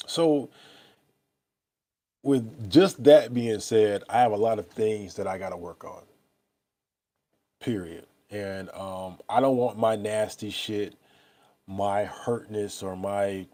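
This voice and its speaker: A young man speaks in a low, mellow voice. He rambles loosely and swears freely, talking straight to his viewers. It sounds like a casual live stream picked up by a laptop mic. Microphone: laptop or phone mic.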